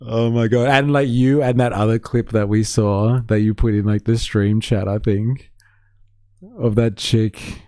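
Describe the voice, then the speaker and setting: A male livestream host reacting to videos in loose, casual commentary. He talks slowly and lazily, drops curses and laughs, and his voice is close and dry with no room sound. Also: on the low side, steady tone, warm tone, dry recording. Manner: swears, laughs often, quotes clips in mocking voices.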